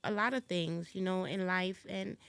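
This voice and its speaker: A woman's voice: lowish voice, normal speed, creaky, fairly bright tone, smooth, dry recording. A woman, a guest on a podcast, telling her story with passion and repeating herself as she rises near to tears. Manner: impassioned, repetitive, rising to near tears. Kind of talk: emotional testimony in a podcast conversation.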